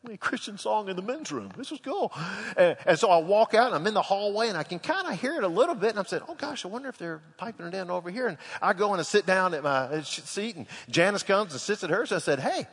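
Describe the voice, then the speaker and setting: A man preaching a sermon, telling a funny personal story with lively animation before turning to scripture. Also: sits high, fast, husky. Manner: animated storyteller, laughs through the tale. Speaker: pastor. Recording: long echo of a large hall.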